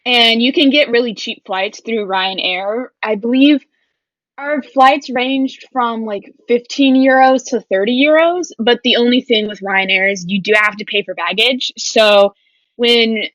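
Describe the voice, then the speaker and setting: A woman's voice: on the high side, a little slow, fairly bright tone, dry recording. A young woman and study abroad alumna, chatting casually over a video call with hesitant fillers. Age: young adult. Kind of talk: casual chat. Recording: dry, lo-fi video call audio.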